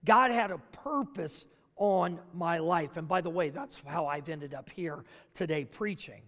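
A man preaching a sermon as pastor, dramatic, swinging between loud bursts and hushed asides. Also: on the high side, unhurried. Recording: long reverb of a large hall.

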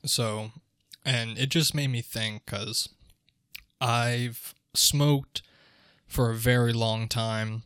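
A young man with a mid-pitched voice tells stories in a relaxed, profane podcast chat. The sound is dry and close to the mic. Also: very slow, smooth, no echo. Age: young adult. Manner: laid-back, swearing storyteller. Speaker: podcast co-host. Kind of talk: casual chat.

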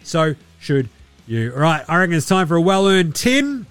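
Sweary Australian podcast host. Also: male voice, a little high, big pitch swings, normal speed, a bit bright, clean tone, no echo, soft background music. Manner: crude, laid-back Aussie slang. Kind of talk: casual show sign-off.

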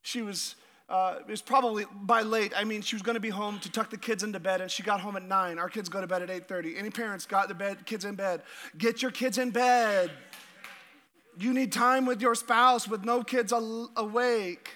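A middle-aged man preaching a sermon as a pastor, energetic, often repeating words and asking the congregation questions. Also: high-pitched, normal speed.

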